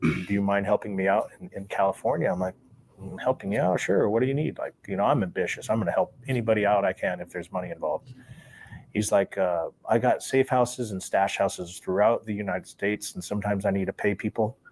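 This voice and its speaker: A man's voice: lowish voice, a little fast, a little hiss or hum. A man, a former sports bookie, casually telling a long story and acting out the dialogue he recalls. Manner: relaxed, acts out quoted dialogue, chuckles between lines.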